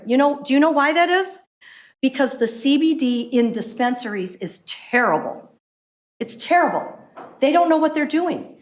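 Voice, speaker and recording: Impassioned high-voiced woman in an echoey room. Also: lively intonation. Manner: impassioned, emphatic, fast-talking. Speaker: public commenter, hemp business owner. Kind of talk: public comment at a council meeting. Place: council meeting room.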